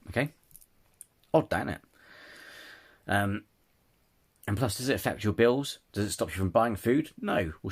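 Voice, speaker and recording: A man with a husky, slightly low voice rants in a casual opinion video. He trips over words, restarts his sentences and keeps apologizing before charging on again. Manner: ranting, frequent restarts and apologies. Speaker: channel host. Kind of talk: casual opinion rant to camera.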